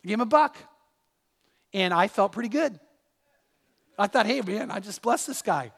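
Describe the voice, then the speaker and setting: A man's voice: sits high, expressive, normal speed, creaky, a bit bright, big-room sound. A man preaching a sermon as pastor, telling a personal story with restarts and repeated words.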